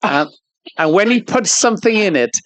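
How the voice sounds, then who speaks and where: A man's voice: high voice, lively intonation, moderate pace, no room sound. A man co-hosting a podcast, telling stories in casual chat over beers. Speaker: podcast co-host.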